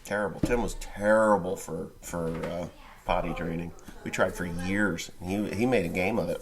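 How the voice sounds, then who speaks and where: Deep voiced farmer guy, middle-aged, crude blunt jokes, bit of hiss. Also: fairly even intonation, normal speed. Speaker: farmer vlogger. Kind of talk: casual talk to camera.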